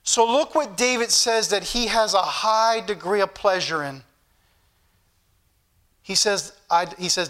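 A man preaching an evening sermon, teaching the congregation earnestly and slowing down to read scripture aloud. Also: fairly bright tone. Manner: slows down and rises in pitch when reading scripture aloud; earnest, repetitive teaching delivery.

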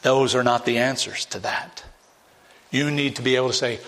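A man's voice: mid-range voice, moderate pace, fairly bright tone, slight background noise. Fervent preacher man. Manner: fervent, rising to emphatic peaks, direct questions to listeners. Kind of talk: evangelistic sermon.

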